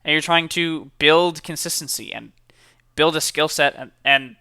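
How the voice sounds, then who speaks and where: A man's voice: a little high, moderate pace, sharp tone, clean tone, no room sound, studio quality. A young man, a college student, chatting casually and upbeat to camera, with lots of fillers and repeated words. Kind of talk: casual motivational chat to camera.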